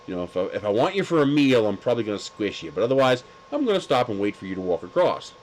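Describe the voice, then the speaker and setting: A man's voice: on the low side, big pitch swings, rapid-fire, poor audio. A man hosting a livestream, telling stories in a casual chat with lots of laughter and crude jokes. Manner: laughing, crude joking storyteller. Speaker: livestream host.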